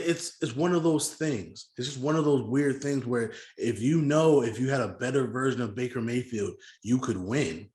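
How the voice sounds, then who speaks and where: A man's voice: medium pitch, darkish tone, echoey room. A man co-hosting a casual sports podcast, arguing his points and often repeating himself. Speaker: podcast co-host.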